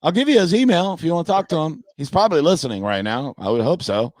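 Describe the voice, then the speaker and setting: A man's voice: a little high, expressive, fast talker, a little mellow, no echo. Brash, profane man ranting on a podcast. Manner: brash, profane, mocking rants. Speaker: comedian and podcast guest. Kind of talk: casual sports talk.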